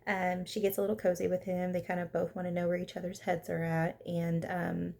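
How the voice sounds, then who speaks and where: A woman's voice: fairly low pitch, completely flat delivery, fairly quick, gravelly, darkish tone. A woman recapping a reality dating show in a chatty, opinionated way, acting out the cast's lines as she goes. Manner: chatty and opinionated, quoting cast members in put-on voices. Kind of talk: casual recap chat.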